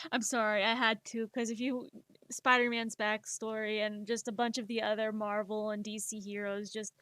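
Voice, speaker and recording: A woman's voice: medium pitch, little pitch movement, a little slow, long pauses, a bit bright, clean tone, no room sound. A young woman with a Spanish accent, chatting casually on a stream while she draws, rambling and poking fun at herself. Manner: rambling, self-deprecating, laughs often.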